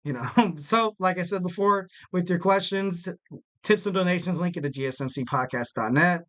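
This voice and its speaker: Young male podcast host, solo, casual chat, rambling with fillers, slightly higher voice. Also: normal speed, a bit bright. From West Coast of the United States. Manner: rambling, jokey, lots of fillers.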